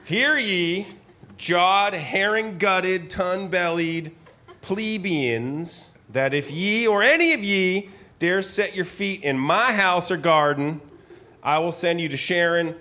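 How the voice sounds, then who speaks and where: An actor playing a pompous, eccentric gentleman who bombastically declaims a furious period letter at a live theater reading, tossing in asides. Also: sits high, animated, takes it slowly, full character voice. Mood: blustering. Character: blustering pompous eccentric gentleman, man, middle-aged. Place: live performance hall with audience.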